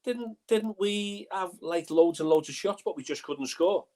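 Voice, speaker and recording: An older man co-hosting a football fan chat, animated, with pushy asides. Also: high-pitched, unhurried. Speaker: fan channel co-host.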